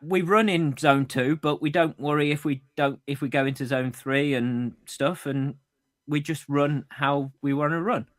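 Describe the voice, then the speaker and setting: A man's voice: a little high, moderate pace, no echo, studio quality. A man co-hosting a podcast in casual chat, reading out listener messages and laughing often. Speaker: podcast co-host.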